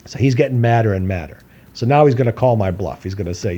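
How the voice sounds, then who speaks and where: This podcast co-host has a fairly low voice and talks quickly with a mellow tone, though the recording sounds muffled. He rambles casually through a long personal story, laughing often and raising his voice to act out quotes.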